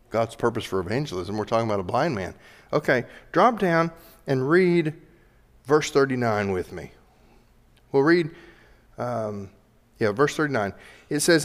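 A male pastor preaching a sermon in a church, animated, building to loud emphatic peaks. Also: medium pitch, moderate pace. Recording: reverberant hall.

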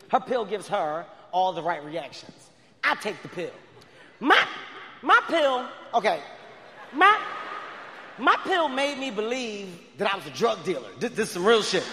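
A man doing stand-up comedy with loud, excitable storytelling. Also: sits high, normal speed, pauses often. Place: large live comedy venue. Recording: live venue with long reverb and faint crowd noise.

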